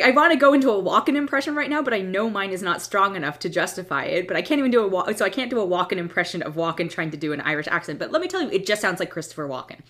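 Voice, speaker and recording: A woman with a fairly low voice that swings widely in pitch as she talks. She reviews films in a blunt, exasperated, opinionated way, breaking off and restarting her sentences as she goes. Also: a bit bright. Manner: restarts and trails off mid-thought. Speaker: film reviewer. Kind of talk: casual movie review monologue.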